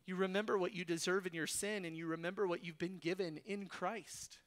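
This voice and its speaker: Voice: mid-range voice, steady tone, fairly quick. A preacher giving an expository sermon in an emphatic, exhorting way, with rhetorical questions.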